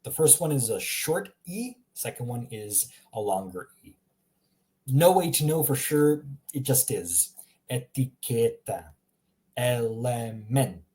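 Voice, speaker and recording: A man talks through a language lesson in an easygoing way, with a mellow, darker tone. He slows down to sound out words carefully and lets a chuckle slip in now and then. His voice sits at an ordinary pitch for a man. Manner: relaxed, chuckling, slows down to model pronunciation. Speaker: language teacher. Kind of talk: casual spoken lesson.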